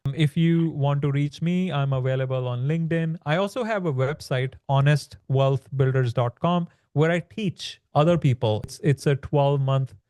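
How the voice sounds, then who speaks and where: Brief: male podcast guest, fairly high and smooth voice, chatty explainer, dry close sound. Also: normal speed, few pauses, a little mellow, no room sound. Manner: explanatory, peppers speech with "like" and "right?". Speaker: podcast guest, land business author. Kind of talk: conversational podcast interview.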